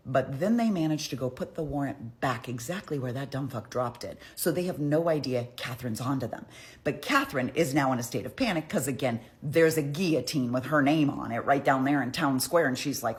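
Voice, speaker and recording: Woman with a very deep voice, casual history storytelling, irreverent, profane, chatty. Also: expressive, fairly quick.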